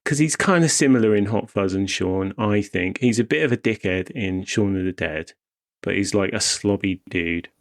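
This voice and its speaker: A man's voice: fairly low pitch, normal speed. A young man with a mild Wiltshire accent, co-hosting a podcast and chatting about films, rambling and self-interrupting and laughing often. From Wiltshire, England. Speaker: podcast co-host. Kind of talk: casual film chat.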